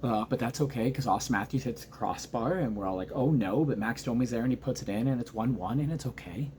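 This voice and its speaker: A man recapping a hockey game at home at night, talking quietly but keyed up and emotional, rambling through the plays. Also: mid-range voice, quick pace, a little hiss or hum. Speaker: hockey fan reacting to a game. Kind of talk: excited post-game reaction monologue.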